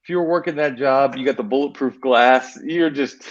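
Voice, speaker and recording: A man's voice: mid-range voice, moderate pace, highs cut off. A man co-hosting a podcast, chatting casually and telling loose, joking stories. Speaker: podcast co-host. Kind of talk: casual chat.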